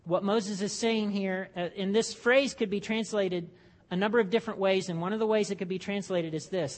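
A man's voice: sits high, fairly even intonation, moderate pace. A man preaching a sermon in a church, in a conversational way with joking asides and frequent restarts. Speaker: pastor.

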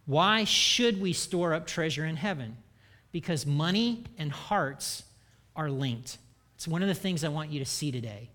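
Male pastor, high-pitched, animated sermon delivery full of humorous asides. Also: a little slow. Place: church.

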